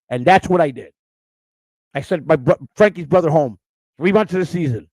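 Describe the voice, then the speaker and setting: A middle-aged man telling stories in a blunt, profane, casual way, with fast run-on sentences and restarts. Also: fairly high pitch, darkish tone, dry recording, rough recording. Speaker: storyteller recalling his work. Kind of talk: casual storytelling.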